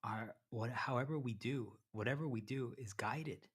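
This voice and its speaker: A man's voice: mid-range voice, moderate pace, fairly bright tone, slightly rough. A man livestreaming from home, talking in a rambling, self-interrupting way and repeatedly addressing his viewers as "you guys," sometimes with his mouth full. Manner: eating while talking at times. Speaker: live streamer. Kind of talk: rambling livestream monologue to chat.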